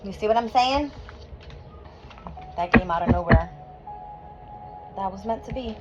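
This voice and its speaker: A woman giving a live tarot reading to her viewers, emotional and quick to swear and laugh, hot and sweating in a room at home. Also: medium pitch. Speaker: tarot reader. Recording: dull lo-fi recording with music behind.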